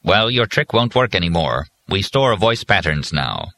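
A man doing a deep-pitched robotic encyclopedia voice, officious and curt, delivered with a bright, forceful edge. It answers like a stiff phone machine. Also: very animated, moderate pace, full character voice.

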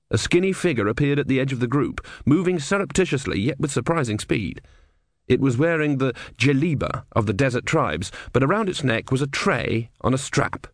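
A man's voice: medium pitch, lively intonation, brisk, no room sound, studio quality. A man narrating a comic fantasy audiobook, reading expressively and doing the characters.

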